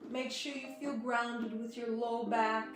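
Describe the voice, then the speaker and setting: Slow, soft-spoken yoga teacher woman. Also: fairly high pitch, little pitch movement. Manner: soft, slow cueing with chatty asides to viewers. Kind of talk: live-streamed gentle yoga class. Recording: echoey room, voice from a distance, guitar music behind.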